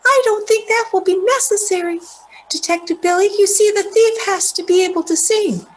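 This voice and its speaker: A woman's voice: very high-pitched, normal speed, pitched above the performer's own voice. A woman reading aloud as a young girl detective, explaining clues eagerly in a raised voice. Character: bright young girl amateur sleuth.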